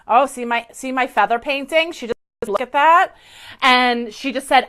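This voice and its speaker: A woman's voice: fairly high pitch, moderate pace, fairly bright tone. A woman psychic medium giving effusive live-stream readings to viewers, chatty and gushing with many fillers, into a webcam or phone mic.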